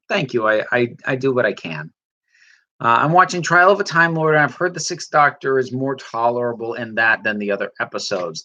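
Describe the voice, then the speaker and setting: Chatty trans woman streamer, lively pitch. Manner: chatty, rambling, stumbles and restarts, lively. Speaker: livestream host reading chat. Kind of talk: casual chat.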